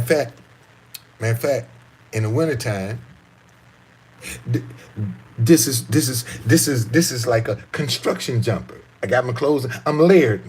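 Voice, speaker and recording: Husky, animated D.C. man. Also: medium pitch. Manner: profane, repetitive, emphatic street talk. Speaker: guest telling his life story. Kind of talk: animated storytelling.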